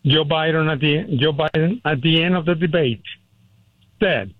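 A man calls in to a radio show and rambles earnestly. His voice sits a little high, and it comes through a tinny, dry phone line. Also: moderate pace, dry recording. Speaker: caller. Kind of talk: call-in talk radio.

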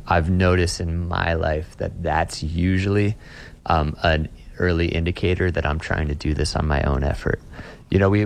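Man in his 30s, pastor, earnest and conversational, very low voice, interview guest. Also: creaky. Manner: earnest, repeats words when starting phrases.

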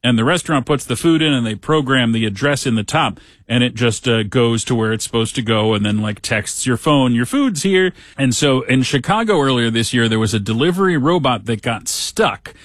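In a fairly quick monologue with few pauses, a middle-aged radio host with a mid-range, fairly bright voice chats through a story. His humor is dry, he does voices for the quotes, and the recording is dry.

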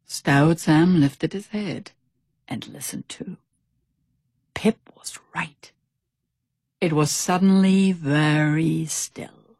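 A woman reading a children's storybook aloud with expressive, animated delivery. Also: low-pitched, drawn-out words, pauses often, dry recording, clean studio sound. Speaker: narrator.

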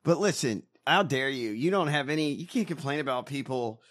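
A man's voice: mid-range voice, animated, brisk, a bit bright. A man in casual political podcast chat, mocking and ranting with lots of swearing. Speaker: podcast co-host.

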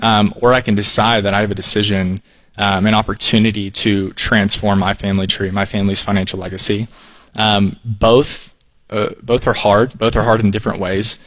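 Earnest young man, deep voice. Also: flat delivery, moderate pace, fairly bright tone, no room sound, poor audio. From Texas. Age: 20s. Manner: earnest, polite, many ums. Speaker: guest, copywriter. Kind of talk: casual interview answers.

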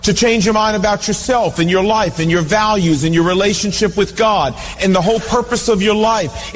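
A man preaching a sermon as pastor, earnest and animated, telling stories and acting out voices. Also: high-pitched. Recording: reverberant hall.

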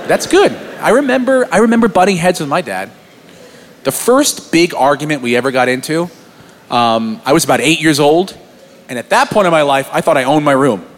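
Animated high-voiced male comedian. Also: fairly quick. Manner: animated, crude, acts out voices. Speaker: stand-up comedian. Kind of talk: stand-up comedy set. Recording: live club audio with crowd noise. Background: laughing audience.

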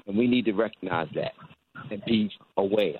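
A man's voice: lowish voice, normal speed, slightly rough. A man from Baltimore calling in to a radio show, hesitant and searching for his words. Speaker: caller. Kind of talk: call-in radio talk. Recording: tinny phone line.

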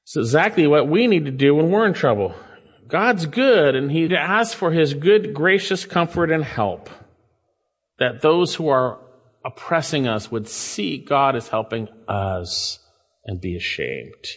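A man's voice: fairly high pitch, a little slow, breathy edge. A man preaching an expository sermon, reading verses aloud and lifting his voice sharply on key phrases. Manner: animated, rising emphasis when reading scripture. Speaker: pastor. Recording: long hall reverb.

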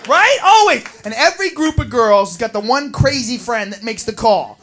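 A woman's voice: fairly high pitch, expressive, moderate pace, fairly bright tone. A woman doing a stand-up comedy routine on a club stage, brash and profane, acting out characters. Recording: live show with crowd noise.

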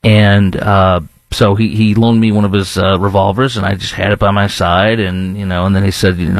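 A man's voice: lowish voice, flat delivery, moderate pace, hardly any pauses, dry recording. A man hosting a talk radio show, speaking in an emphatic, rambling monologue with restarts, now and then mocking others in put-on voices.

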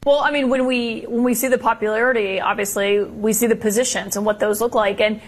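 A woman anchoring a cable news interview, asking measured questions. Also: on the high side, fairly even intonation, low-quality recording.

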